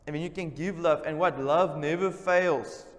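A man's voice: a little high, steady tone, moderate pace. Male pastor, raised voice, emphatic sermon delivery with call-outs to the congregation, long church-hall reverb. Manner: emphatic, repeats key words, calls for responses. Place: church service.

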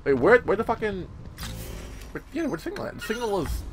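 A young man casually commentating a horror game, rambling with many fillers, swearing, and sometimes yelling. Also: high-pitched, very animated, fairly quick, noisy background. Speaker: gameplay commentator. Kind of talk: casual let's-play commentary.

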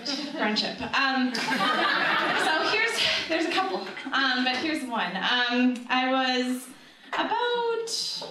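A woman's voice: sits high, sing-song, takes it slowly, very noisy. A woman telling a true story live on stage, chatty and giggly, with many ums. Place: live stage event before an audience. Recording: very echoey venue, distant mic, audience audible.

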